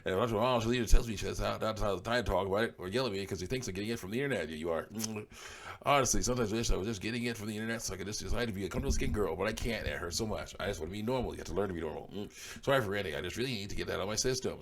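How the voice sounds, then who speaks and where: A man's voice: fairly low pitch, very fast, a little hiss or hum. A man reading comments aloud and answering them in blunt, dismissive retorts, chuckling often between remarks. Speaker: online commentator.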